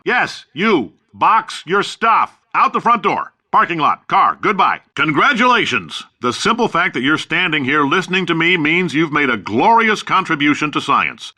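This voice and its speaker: A man's voice: a little high, bright, forceful tone, heavily acted. An actor playing a brash, boastful middle-aged company boss with sarcastic salesman's patter in a video game. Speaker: company founder and CEO.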